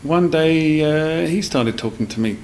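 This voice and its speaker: Guy on a podcast, bit of fry in his voice, rambles and restarts a lot. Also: on the high side, expressive, normal speed, darkish tone, slight background noise, low-quality recording. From South East London. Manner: rambling, with many fillers and restarts. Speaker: guest. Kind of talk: casual storytelling in a podcast interview.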